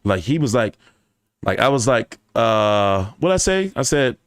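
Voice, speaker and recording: A man's voice: medium pitch, a little slow, clean tone, no echo, clean studio sound. A man hosting a boxing channel, telling stories to his viewers in a loose, profane, laughing way. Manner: animated, profane, laughing anecdotes. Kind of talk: casual storytelling to viewers.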